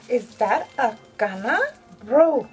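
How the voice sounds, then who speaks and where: Poor audio carries the measured, somewhat high voice of a woman in her thirties. She is a vlogger chatting candidly with viewers as she dyes her hair, using fillers all the way through and now and then becoming tearful.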